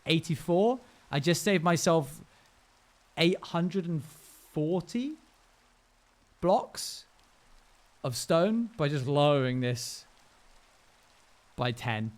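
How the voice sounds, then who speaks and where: A man's voice: fairly high pitch, animated, takes it slowly, long pauses. A young man live-streaming a game, chatting casually with his viewers in a rambling, self-amused way.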